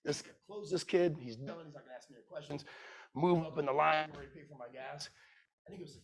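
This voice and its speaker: A man's voice: a little high, fast, creaky, husky. A middle-aged man telling a sales story at a conference, acting out every line of dialogue. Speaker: keynote speaker. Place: conference room.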